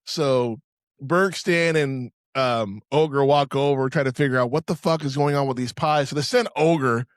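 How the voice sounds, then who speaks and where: A man's voice: mid-range voice, a little slow, no echo, studio quality. A man co-hosting a casual movie podcast, retelling film scenes with swearing and acting out the lines. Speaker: podcast co-host.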